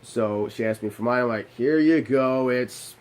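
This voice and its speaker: A young man recounts a personal story in a loose, conversational way. He swears freely and pokes fun at himself in quick asides, with a voice sitting in an ordinary middle pitch. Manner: profane, self-deprecating, animated asides.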